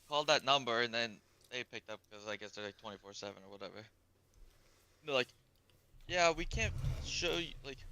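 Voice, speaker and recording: A man's voice: medium pitch, pushed and bright, clean tone. A young man telling a story in casual chat, rambling and swearing a lot with "like" everywhere. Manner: rambling, profane storytelling full of "like".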